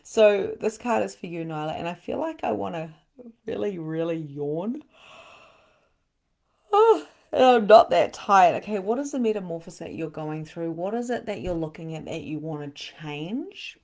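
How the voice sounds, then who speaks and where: A middle-aged woman hosting a live spiritual session as a medium, chatting casually, laughing often and breaking into sudden excited bursts. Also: lowish voice, normal speed, vocal fry. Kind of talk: casual live-stream channeling.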